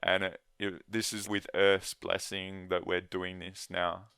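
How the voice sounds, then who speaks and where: A man with a very low, flat voice talks as a guest in a conversation, earnest and halting, often breaking off to start again. His tone is smooth and clear, and the sound is dry and close. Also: no room sound. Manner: earnest, halting, with many restarts. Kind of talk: casual conversation.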